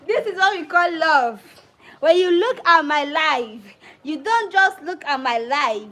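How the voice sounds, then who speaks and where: A woman's voice: high voice, animated, unhurried, sharp tone, slight background noise, low-quality recording. A young woman from Sierra Leone with a Krio-tinged English accent, hosting a casual livestream and talking straight to her viewers, slipping into Krio phrases now and then. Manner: chatty, addresses viewers directly, drops into Krio phrases. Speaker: livestream host.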